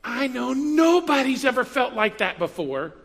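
A man preaching a sermon in a conversational, animated way, with playful asides and quoted voices. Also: very high voice, normal speed, gravelly, big-room sound. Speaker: pastor.

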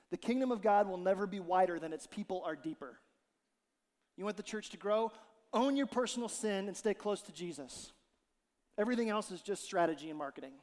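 A male pastor delivers a sermon with a lively, joking manner, slipping into little acted-out quotes. His voice sits high for a man. The sound carries a long reverb from a large church hall. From Ohio. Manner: animated, jokey, acts out quotes.

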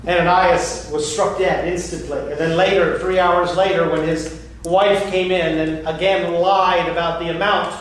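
A man preaching from the pulpit, his fairly high voice landing each phrase with measured emphasis. He sounds set back from the microphone, and the church rings with heavy echo under a faint hiss. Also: level tone. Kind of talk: sermon. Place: church sanctuary. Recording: echoey hall from far off, faint hiss.

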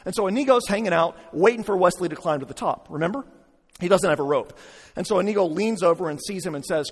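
A man's voice: fairly high pitch, expressive, a little fast, breathy edge. A middle-aged man preaching a sermon in a church, talking conversationally with joking asides to the congregation. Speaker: pastor. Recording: long reverb.

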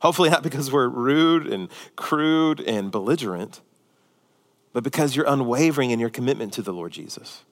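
A man preaching a sermon as pastor, animated and acting out the voices of the people he quotes. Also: mid-range voice, moderate pace, in a large hall.

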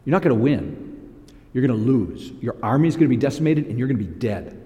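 A male preacher talks through scripture in a conversational sermon, and his pitch swings widely as he acts out the scenes. His voice carries a long reverb, like in a large hall. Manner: animated and conversational, with quick voice changes as he acts out scripture. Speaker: pastor.

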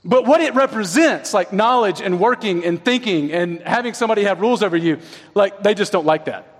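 A man with a high-pitched voice delivers a sermon in a chatty, conversational way, often tossing in quick tag questions to his listeners. His voice rings out with a long reverb, as if in a large church sanctuary. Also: husky. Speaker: preacher.

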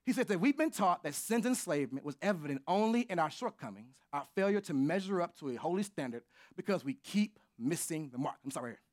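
A man preaching a sermon as pastor, swinging from shouts to near whispers, with informal, joking asides to his congregation. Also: a little high, lively intonation, fast, few pauses.

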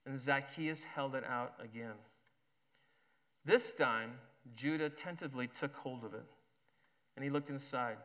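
Bright-voiced male preacher. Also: a little high, steady tone, moderate pace. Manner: reads a story aloud, acting out the characters' lines. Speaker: pastor. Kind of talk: sermon.

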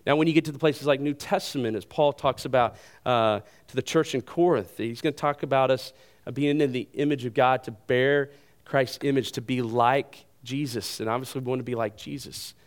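A male pastor delivering a sermon in an earnest, emphatic way, repeating key phrases and pausing for weight. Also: mid-range voice, fairly even intonation.

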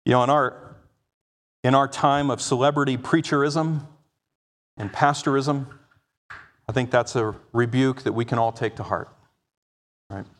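A man's voice: medium pitch, fairly even intonation, measured pace, long pauses. A man preaching an expository sermon, emphatic, acting out quoted speech and often checking in with "right?". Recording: long hall reverb.

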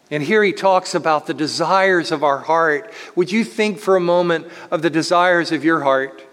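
A man preaching a sermon in an earnest way, slowing down to stress key words. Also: fairly high pitch. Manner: earnest preaching, slows to stress words, speeds up voicing others. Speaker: pastor. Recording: long hall reverb.

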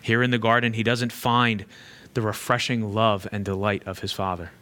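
A man preaching a sermon, earnestly repeating key phrases for emphasis and moving between hushed and fervent delivery. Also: lowish voice, little pitch movement, moderate pace.

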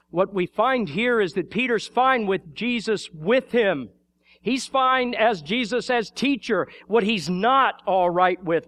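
Man preaching fervently, slightly high voice. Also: a bit bright. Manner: fervent, emphatic preaching with sudden swells and drops in volume; repeats phrases for emphasis. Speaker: pastor. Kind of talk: sermon.

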